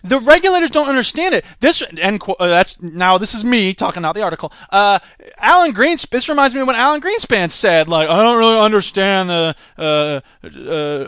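A man hosting a podcast, giving animated political commentary and mocking the people he quotes. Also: high voice, dry recording. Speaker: podcast host.

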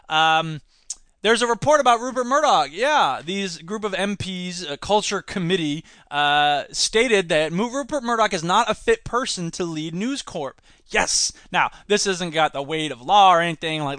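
A man's voice: high-pitched, animated, normal speed, pushed and bright, clear, resonant tone, dry recording, studio quality. A man hosting a solo podcast, ranting sarcastically about the news. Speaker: podcast host.

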